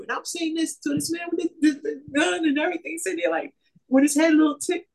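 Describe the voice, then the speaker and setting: A man with a very high voice tells a personal faith testimony casually, at a quick pace with fairly even intonation. He rambles and repeats himself, retelling many exchanges by quoting what people said.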